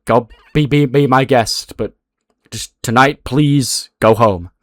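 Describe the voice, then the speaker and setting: A man voicing a male wrestling manager who pleads urgently to calm others down. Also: medium pitch, takes it slowly, no echo, clean studio sound, natural voice. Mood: placating. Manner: urgent, placating.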